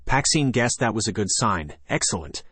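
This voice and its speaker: Low-voiced male audiobook narrator. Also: animated, moderate pace, a bit bright, no room sound.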